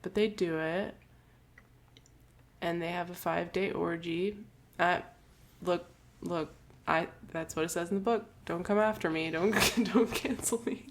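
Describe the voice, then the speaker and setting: A woman co-hosting a podcast, casually retelling a book's plot with quick giggles and lots of "like". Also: on the low side, fairly even intonation. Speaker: podcast co-host. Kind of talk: casual book discussion.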